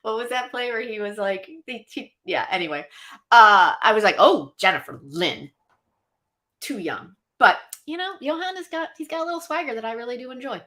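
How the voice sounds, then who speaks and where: A woman's voice: a little high, fast talker. A woman co-hosting a live chat stream, talking casually and animatedly to viewers and co-hosts. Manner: chatty, animated, talks to viewers directly. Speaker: podcast co-host.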